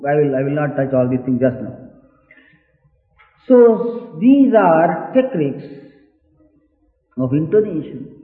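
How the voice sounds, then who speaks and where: Male teacher, patient and deliberate, chants examples; reverberant hall, thin lo-fi sound. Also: a little high, big pitch swings. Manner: patient, deliberate explanation, breaking into slow Vedic chant. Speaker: spiritual teacher. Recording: echoey hall on a tinny, phone-like archival recording.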